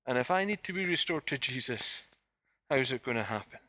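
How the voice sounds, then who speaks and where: A man's voice: mid-range voice, animated, brisk, bright, forceful tone. A man preaching a sermon at a church service, putting direct rhetorical questions to the congregation. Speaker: pastor.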